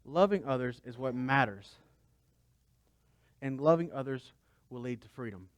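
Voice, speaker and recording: A man's voice: mid-range voice, expressive, measured pace, dry recording. A man pastor preaching a conversational sermon, asking his listeners rhetorical questions.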